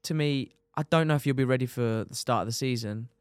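A young man, a motorcycle racer telling his injury story on a podcast in lively, casual talk, swearing and dropping "mate" often. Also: mid-range voice, quick pace, clear, resonant tone, no echo, studio quality.

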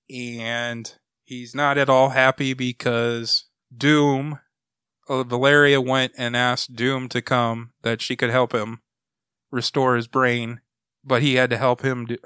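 A man with a bright, crisp voice chats casually on a comic book podcast. He recaps a plot in a loose, rambling way and slips into quoted lines now and then. The sound is close and dry, with no room around it. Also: mid-range voice, no echo.

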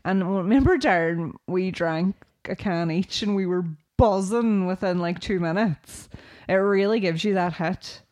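Low-pitched woman in casual chat. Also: a little slow, hardly any pauses, darkish tone. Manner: chatty, laughs often, spells words out. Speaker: podcast co-host.

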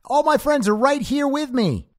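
A man voicing an eager young man who shouts happily from behind a gate. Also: extremely high pitch, expressive, moderate pace, pitched above the performer's own voice. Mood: shouting.

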